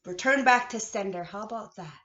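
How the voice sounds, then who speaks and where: A woman from Canada in a heated, profane personal rant, swinging between low muttering and shouting. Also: fairly quick, very noisy. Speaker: vlogger. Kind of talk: emotional personal rant to camera. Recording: echoey room, dull lo-fi sound.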